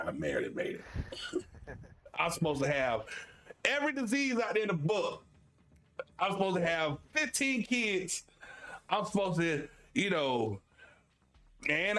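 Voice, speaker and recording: A man in his forties from Florida, hosting a stream and telling stories in casual chat, animated and laughing, swinging between high excited bursts and low asides. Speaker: streamer and host.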